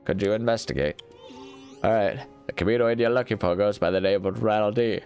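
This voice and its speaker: A man's voice: lowish voice, a little fast, darkish tone, clean tone, faint music behind. A man hosting a casual let's-play, rambling and joking at his own expense while sleepy and yawning. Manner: rambling, jokey and self-mocking. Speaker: gaming video host.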